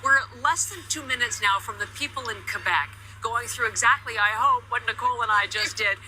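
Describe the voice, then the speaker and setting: A woman's voice: a little high, brisk, noisy background. A woman anchoring live broadcast coverage, talking in an emotional, conversational way. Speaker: news anchor.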